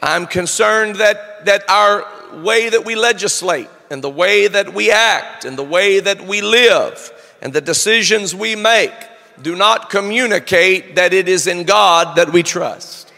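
Slow, high-voiced preacher man in a reverberant hall. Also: gravelly. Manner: slow, deliberate preaching that builds to shouting. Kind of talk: sermon.

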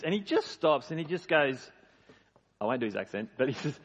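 Emphatic preacher, echoing hall. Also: male voice, a little high, quick pace, slightly rough. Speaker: pastor. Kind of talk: sermon. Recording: dull lo-fi sound in a reverberant hall.

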